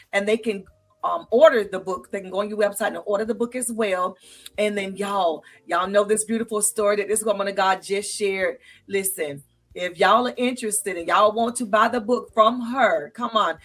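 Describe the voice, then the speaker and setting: A woman hosts a live talk show in a chatty, affirming way, speaking straight to her viewers. Her voice is gravelly and somewhat husky. Faint music plays behind her. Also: mid-range voice, a bit bright. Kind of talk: casual live-stream hosting.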